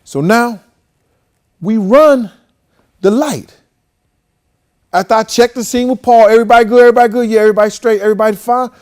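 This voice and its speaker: A man's voice: very high voice, brisk, long pauses, a little mellow. A man hosting a show who tells a story casually and with animation. He swears often and acts out the voices of the people in it. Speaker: host.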